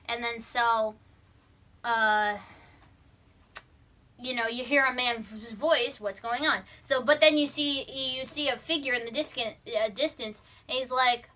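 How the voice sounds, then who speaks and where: A woman's voice: fairly high pitch, fairly even intonation, a little slow, bright, forceful tone. A young woman vlogging from her room, casually retelling a film's plot with lots of fillers and restarts. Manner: rambling, full of fillers and restarts. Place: room at home.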